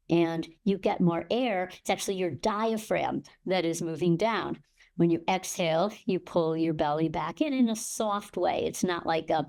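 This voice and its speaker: A woman's voice: on the low side, a little mellow. An older woman as an interview guest, explaining panic and breathing, sometimes acting out gasps to show the pattern.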